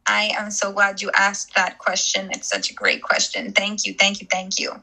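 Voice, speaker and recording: Emphatic woman coach with a sharp voice. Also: mid-range voice, big pitch swings, moderate pace, poor audio. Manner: emphatic, repeats phrases for effect. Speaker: coach hosting a Q&A. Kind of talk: live audio-room Q&A.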